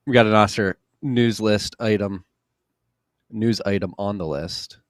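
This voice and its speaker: A man's voice: on the low side, a little slow, dry recording, studio quality. A man hosting a podcast in casual, jokey chat, a little tired after a workout. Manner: laid-back, jokey. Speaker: podcast host.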